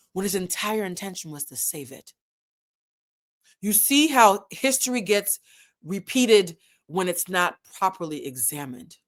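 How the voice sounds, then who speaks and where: A woman's voice: medium pitch, a bit bright. A woman hosting a casual commentary vlog, talking animatedly and with lots of profanity, addressing her viewers directly. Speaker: host.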